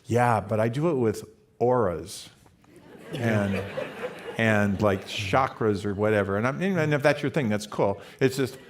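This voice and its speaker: An older man, a university lecturer, telling relaxed stories at a live event and quoting his students. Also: lowish voice, measured pace, a crowd in the background. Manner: easygoing, many fillers and restarts, quoting students. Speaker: Stanford lecturer and co-author. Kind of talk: storytelling at a live talk.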